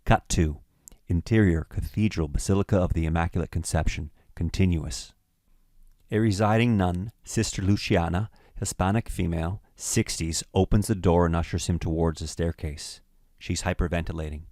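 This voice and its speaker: Deep-voiced man reading stage directions. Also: fairly even intonation, mellow, no echo, clean studio sound. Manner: measured, matter-of-fact reading. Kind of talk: scripted narration of a screenplay.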